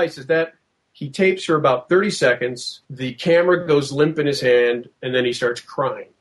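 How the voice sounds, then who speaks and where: A man recounting a tense field investigation in casual storytelling, lively and quoting himself, with frequent restarts. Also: medium pitch, moderate pace. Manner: animated, acts out quotes, many restarts.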